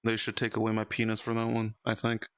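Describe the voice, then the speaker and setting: A young man streaming in VR, chatting casually with viewers, animated and laughing often. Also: lowish voice, fast talker, smooth, no room sound. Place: VR chat stream at home.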